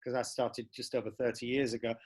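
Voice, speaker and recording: A man's voice: mid-range voice, flat delivery, quick pace, slightly rough. Chatty Hull man on a video call. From Hull, England. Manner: chatty, apologetic about swearing. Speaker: actor.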